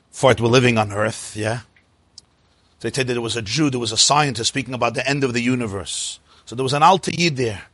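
A man's voice: mid-range voice, fairly bright tone, breathy edge, no room sound. A man giving a spoken Torah lecture, emphatic and repeating phrases for stress. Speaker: teacher of a religious class.

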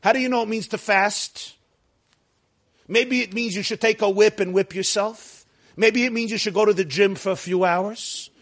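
High-voiced man lecturing a class. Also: steady tone, moderate pace, fairly bright tone. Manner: asks the class questions and answers them himself, jokes with them. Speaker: rabbi teaching a class.

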